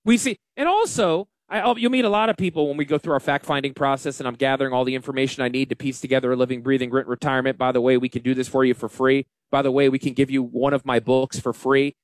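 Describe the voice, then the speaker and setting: A man hosting a casual financial radio show, talking in an animated, joking and self-deprecating way. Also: medium pitch, fast talker, hardly any pauses, no room sound, studio quality. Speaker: financial advisor and radio host.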